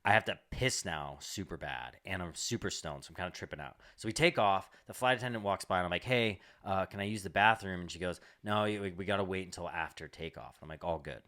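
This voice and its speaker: A young man with a deep voice and a bright, pushing edge tells a story on a comedy podcast. He rambles and swears, stacking up filler words as he goes. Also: fast talker, hardly any pauses. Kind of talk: casual storytelling chat.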